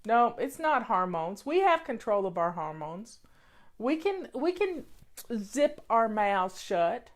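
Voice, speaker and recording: Slow, earnest woman chatting over tea. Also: on the high side, very animated. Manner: earnest, repeats points for emphasis. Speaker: vlogger. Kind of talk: casual talk to camera.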